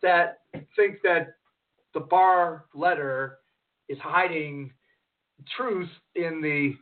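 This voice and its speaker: A man's voice: a little high, drawn-out words. A man co-hosting a casual political talk radio show, rambling and searching for words as he poses rhetorical questions. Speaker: radio co-host. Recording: tinny phone-like line.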